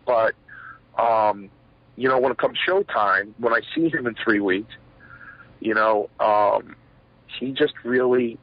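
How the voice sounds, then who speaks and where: Husky former wrestler, rambling storyteller. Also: male voice, medium pitch, takes it slowly, long pauses, no echo. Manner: rambling, many fillers, acts out quotes. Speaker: retired pro wrestler, interview guest. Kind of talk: shoot interview storytelling. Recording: dull lo-fi sound, dry.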